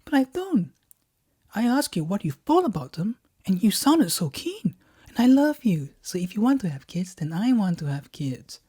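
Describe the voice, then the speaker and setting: A man with a New Zealand accent voicing an exasperated young woman, his character's loving girlfriend, in a shrill, emphatic voice. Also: big pitch swings, normal speed, warm tone, husky, no room sound, clean studio sound, exaggerated voice. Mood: pleading.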